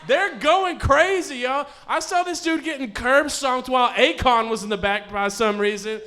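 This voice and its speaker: A man's voice: very high voice, moderate pace, pushed and bright. A man doing a crude, rambling live stand-up set on a comedy stage, laughing at his own jokes.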